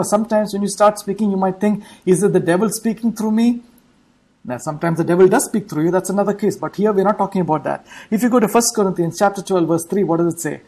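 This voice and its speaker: A woman preaching an online church sermon in a warm, mellow voice with a slightly husky edge. She keeps repeating her key points and pauses to check in with the congregation through quick rhetorical questions. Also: mid-range voice, rough recording.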